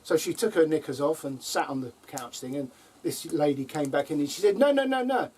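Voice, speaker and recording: Standing on his allotment, an older man tells comic tales to camera, full of ums and little laughs. His voice is on the high side, steady, a bit fast and somewhat mellow, captured at a distance with faint outdoor ambience and a touch of hiss or hum.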